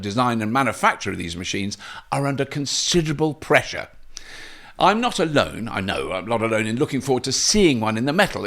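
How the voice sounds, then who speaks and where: A man's voice: medium pitch, a bit bright. A man with a Gloucestershire English accent hosting a monthly news roundup, playful and jokey with mock-outraged asides. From Gloucestershire, England. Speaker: host.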